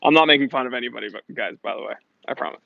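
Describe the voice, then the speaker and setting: A man's voice: medium pitch, racing, creaky, no room sound. An American man hosting a casual live stream, chatty and upbeat, reading viewer comments aloud and laughing often, with slightly dull lo-fi stream audio.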